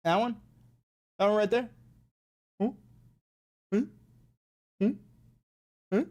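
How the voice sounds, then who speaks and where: A man's voice: high-pitched, fairly even intonation, slow, dark tone. Fired-up, cursing male livestream host. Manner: angry, profane, repetitive. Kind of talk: political livestream rant.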